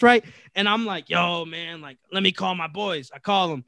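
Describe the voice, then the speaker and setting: A young man in his twenties telling a story among friends, animated and profane, saying "bro" constantly. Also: high voice, normal speed, few pauses, no room sound, clean studio sound.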